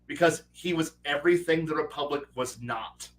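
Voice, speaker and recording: A man hosts a loose online chat about running his game world, slipping into little character voices as he tells it. His voice sits a bit high for a man. He stammers and restarts, and sounds a touch distant from his microphone. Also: moderate pace. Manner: animated storyteller who acts out quoted characters. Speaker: host and game master. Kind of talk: casual livestream chat. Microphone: online call mic. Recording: voice distant from the mic.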